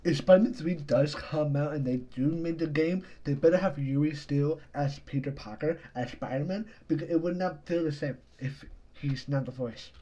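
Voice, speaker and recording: A man's voice: fairly high pitch, moderate pace, few pauses, mellow, highs cut off. A man reacting to a video on a stream, offhand and chatty. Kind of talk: casual reaction commentary.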